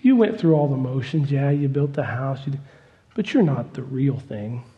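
A man voicing a sly, taunting wolf who stands for the devil in a sermon story, speaking low and hushed. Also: expressive, moderate pace, lo-fi sound, natural voice. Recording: long hall reverb.

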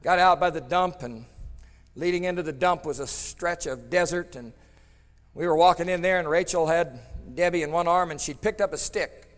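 A man preaching a storytelling sermon, swinging between loud emphatic bursts and hushed tones. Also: fairly high pitch, normal speed, long reverb tail.

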